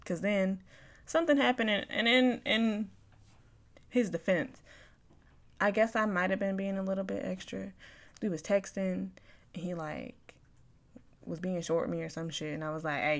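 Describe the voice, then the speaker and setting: A young woman tells her own story on a podcast, frank and loose, with plenty of swearing. She plays out both sides of old conversations, dropping to quiet asides and then rising to loud outbursts. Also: mid-range voice, normal speed, creaky. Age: young adult. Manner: swings from quiet mumbles to loud bursts. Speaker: podcast host. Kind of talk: candid personal storytelling.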